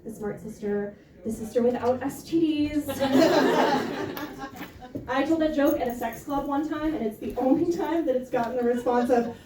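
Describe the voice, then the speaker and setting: A young woman performing a stand-up comedy set in a club, with a deadpan, self-deprecating way of telling stories. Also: sits high, normal speed. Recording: roomy club sound from a distance, with crowd noise.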